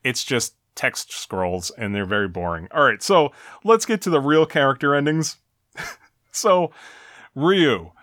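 A podcast co-host on a casual retro game talk show goes through game endings, reading their text aloud wryly. His medium-pitched voice is fairly bright, with lively intonation and an unhurried pace, captured in clean, dry studio sound.

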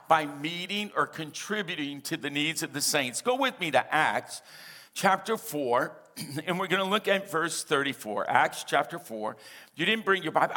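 A man preaching from the pulpit in a bright, forceful voice that sits a little high. He keeps a lively call-and-response going, asking the congregation for amens. He slips humorous asides into the sermon. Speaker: pastor.

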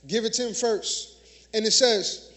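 A man's voice: high voice, unhurried, fairly bright tone. A man preaches in a church. He talks conversationally, then drives points home with emphatic repetition and questions thrown out to the congregation. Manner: emphatic, call-and-response preaching. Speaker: minister. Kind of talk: sermon.

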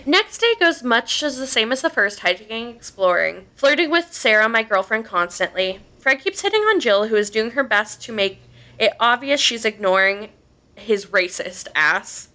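Bright-voiced woman reading a creepy tale. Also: a little high, expressive, moderate pace. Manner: casual, swears freely, laughs between lines. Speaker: podcast host. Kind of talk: reading a horror story aloud.

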